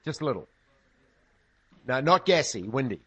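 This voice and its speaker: A man's voice: medium pitch, moderate pace, breathy edge. A man preaching a sermon, telling stories with humorous asides. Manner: humorous storytelling, lively asides. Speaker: pastor.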